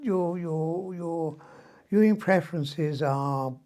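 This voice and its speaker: A vlogger in his seventies speaks slowly in a fairly high voice with a dark tone, rambling through a personal video diary. He sounds weak and out of breath from illness, often saying um and swearing mildly.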